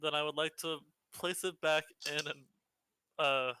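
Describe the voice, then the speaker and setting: A man's voice: fairly high pitch, fairly even intonation, unhurried, bright, forceful tone, a little hiss or hum. A man playing a tabletop game, talking hesitantly with lots of ums and casual swearing. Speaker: player.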